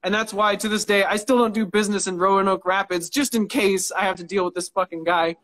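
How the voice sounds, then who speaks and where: A man's voice: high-pitched, fairly even intonation, brisk, a bit bright. A man in casual interview chat, telling rambling stories with swearing and frequent laughs, talking into a phone on a live stream. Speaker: guest knife maker.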